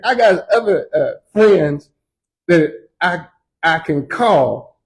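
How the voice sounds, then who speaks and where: A man teaching Sunday school as pastor, in a lively, folksy preaching style full of slang and repetition, in a church. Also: high voice, slow, poor audio.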